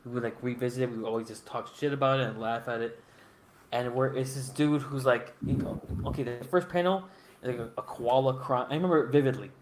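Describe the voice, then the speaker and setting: A man's voice: medium pitch, fast. A man chatting on a live stream, telling a story animatedly, stammering and acting out quotes. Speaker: stream co-host. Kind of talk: casual chat on a live stream. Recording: roomy echo, faint noise.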